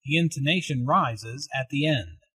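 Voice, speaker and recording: Male lesson narrator: slightly high, husky voice, dry studio sound, deliberate explanations. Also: animated, a bit bright, no echo. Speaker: English teacher.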